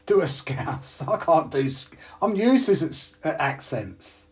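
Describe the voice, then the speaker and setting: A man's voice: a little high, sing-song, a little slow. A man from the UK hosting a hobby channel, chatting casually with viewers while unboxing parts, self-deprecating and laughing often.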